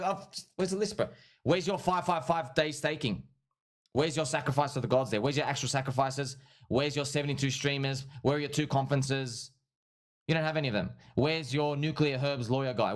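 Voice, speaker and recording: At home streaming, a livestream host with a mid-range voice rambles through casual commentary. He's excitable and repetitive, calling his viewers friends and bro.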